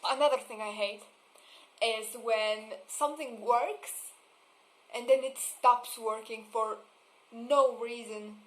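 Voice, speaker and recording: Slow-talking young woman ranting casually. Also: on the high side, fairly even intonation, poor audio. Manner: swearing, laughing, exasperated asides; mocks voices with exaggerated vocal fry. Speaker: vlogger.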